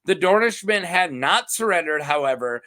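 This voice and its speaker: A man's voice: a little high, lively intonation, normal speed, sharp tone. A man hosting a lore channel, chatting casually and animatedly, rambling and laughing often.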